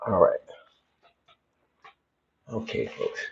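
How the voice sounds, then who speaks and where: A man hosting a casual livestream from his phone at home, chatting to viewers in a rambling way and repeating himself. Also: extremely slow. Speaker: livestream host. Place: home room. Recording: slightly dull phone audio.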